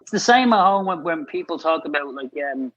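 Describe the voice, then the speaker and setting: High, quick Irish musician, off-mic. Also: male voice, expressive, a bit bright, no room sound, dull audio. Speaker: pub house band musician. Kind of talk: casual interview chat.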